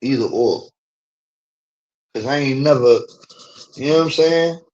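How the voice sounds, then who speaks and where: A man's voice: mid-range voice, unhurried, darkish tone, highs cut off. Profane, ranting man streamer. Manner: profane, emphatic, repetitive fillers. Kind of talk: heated casual rant.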